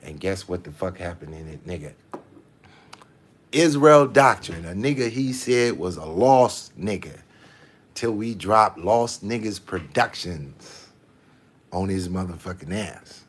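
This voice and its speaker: A man's voice: low voice, lively intonation, a little slow. A man hosting his own channel, delivering a boastful, profane live-stream rant from inside a building with parked cars. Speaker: channel host.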